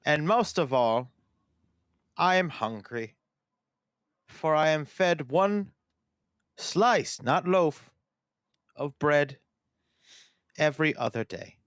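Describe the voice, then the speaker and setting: A man putting on a flat, stereotypical customer-service voice, playing a weary co-host pleading to be rescued. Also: on the high side, slow, pauses often, clean tone, no echo, studio quality, pitched above the performer's own voice. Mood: mock despair. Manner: flat, plodding, mock-pleading.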